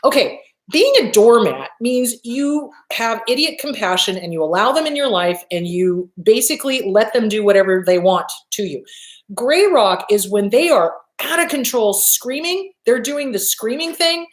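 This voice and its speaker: A woman's voice: on the high side, lively intonation, normal speed. A woman hosting a live advice talk, answering viewer questions in a blunt, emphatic way and swearing casually. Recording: roomy echo.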